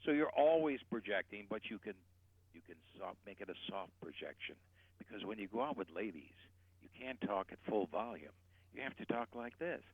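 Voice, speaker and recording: A man explaining voice technique as a guest voice coach, animated and shifting his loudness to demonstrate. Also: lowish voice, brisk, husky, no echo. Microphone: telephone. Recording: tinny phone line.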